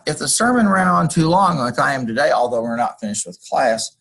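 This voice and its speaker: A man's voice: a little high, animated, a little fast, a bit bright, slightly rough, rough recording. A man teaching a class over a screencast, walking through code and drifting into folksy personal stories. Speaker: college instructor. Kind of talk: screencast lecture.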